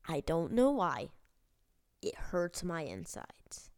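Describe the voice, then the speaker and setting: A woman telling a personal story on her vlog in a rambling, halting way, with casual swearing. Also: lowish voice, very animated, creaky, a little mellow. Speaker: vlogger.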